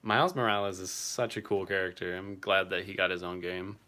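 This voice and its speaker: A man's voice: low-pitched, fairly even intonation, brisk, pushed and bright. A young man casually chatting on a livestream, answering viewers by name and swearing now and then. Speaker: streamer reading live chat.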